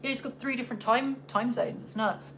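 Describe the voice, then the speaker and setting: A woman's voice: a little high, fairly even intonation, brisk, fairly bright tone, a little hiss or hum. A woman from England with a slightly Americanized English accent, chatting casually and rambling on a podcast livestream. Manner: chatty, self-deprecating, rambling. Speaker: podcast host. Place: home in Los Angeles.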